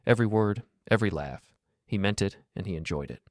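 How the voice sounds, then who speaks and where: A man's voice: fairly low pitch, animated, fairly quick, no room sound, studio quality, natural voice. A man voicing a furious, betrayed middle-aged father who makes cold, cutting accusations.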